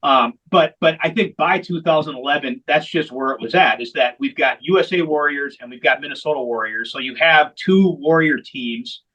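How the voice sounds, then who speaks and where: A man's voice: fairly high pitch, normal speed, few pauses, pushed and bright, lo-fi sound. A man who founded a veterans hockey program, telling its story in an interview with candid, emphatic repetition. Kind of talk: long-form interview storytelling.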